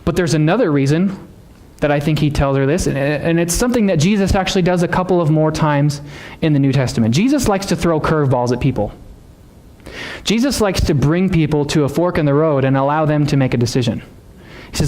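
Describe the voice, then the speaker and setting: A pastor from the United States preaches in a church sanctuary, speaking fairly quickly with a fairly high pitch and a darkish tone. He keeps the sermon conversational, teaching and asking the congregation questions.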